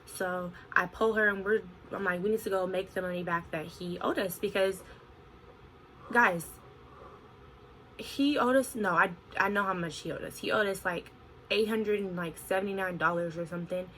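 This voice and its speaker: Bright-voiced young woman storyteller. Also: mid-range voice, normal speed, slight background noise, poor audio. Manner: animated, expressive retelling with frequent "like". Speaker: vlogger. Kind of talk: casual storytime vlog.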